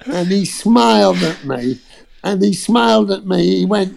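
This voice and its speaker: A man, an actor telling an audition story in a casual, animated way, acting out the quotes and swearing freely. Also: sits high, unhurried, gravelly. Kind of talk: casual anecdote on a podcast.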